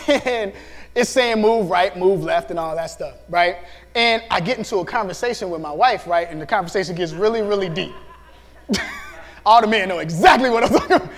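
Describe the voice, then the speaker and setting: Male youth pastor, high voice, lively storytelling sermon, reverberant hall. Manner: animated, acts out voices, laughs often.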